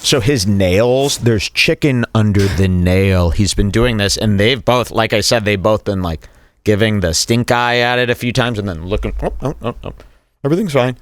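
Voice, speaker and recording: A man's voice: lowish voice, normal speed, dry recording. A man hosting a show, ranting incredulously while commenting over a video clip. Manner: incredulous, ranting, mock-quoting others. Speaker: show host reacting to a clip.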